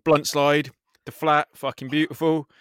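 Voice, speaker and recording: Man, casual sweary skate video co-host, excitable, dry close sound. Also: a little high, unhurried, no echo. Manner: excitable, swears freely, says "mate" often. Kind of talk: casual reaction commentary.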